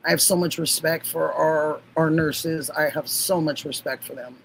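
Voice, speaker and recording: A woman hosting a livestream, chatting warmly with viewers and laughing often. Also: low-pitched, fairly even intonation, normal speed, vocal fry, slight background noise, low-quality recording. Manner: gushing, affectionate, laughs often. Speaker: livestream host. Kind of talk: casual livestream chat.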